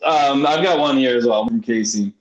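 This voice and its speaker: A man hosting a talk show in a relaxed, casual way. He laughs often and hesitates while he talks. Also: medium pitch, normal speed, echoey room, rough recording. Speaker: radio host. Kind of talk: casual chat.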